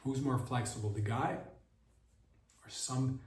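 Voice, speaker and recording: A man hosting a podcast, riffing through a deadpan comedic monologue that mimics a mock sales pitch. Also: measured pace. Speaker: podcast host. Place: podcast studio. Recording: roomy echo, voice far from the mic.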